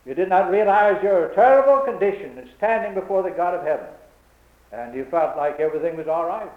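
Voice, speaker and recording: A man's voice: sits high, animated, fairly quick. A man preaching a sermon in an old-time cadence, building to fervent, emphatic peaks. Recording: tinny phone-like, echoey room.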